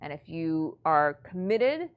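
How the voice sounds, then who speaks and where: A woman's voice: sits low, big pitch swings, slow, clean tone, dull audio. A woman teaching real estate investors in a blunt, matter-of-fact, motivational way. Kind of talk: coaching lesson.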